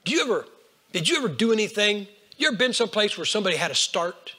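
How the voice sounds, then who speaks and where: An older man preaching a folksy storytelling sermon, swinging between hushed lines and loud bursts. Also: high voice, very animated, quick pace. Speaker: Baptist preacher.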